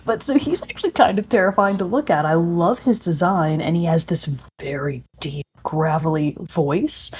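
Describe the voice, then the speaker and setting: A woman's voice: lowish voice, normal speed, few pauses, darkish tone, a little hiss or hum. A woman co-hosting a podcast, chatting enthusiastically about video games with many fillers. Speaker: podcast co-host. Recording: dull lo-fi audio.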